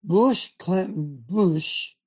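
A man's voice: sits high, drawn-out words, slightly rough. A man hosting call-in talk radio, talking in a fervent, preachy way and firing off rhetorical questions.

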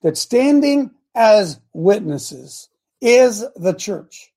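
Gravelly older male preacher. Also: high-pitched, sing-song, very slow. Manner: impassioned, repetitive, bursts of loud emphasis. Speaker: pastor. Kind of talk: sermon.

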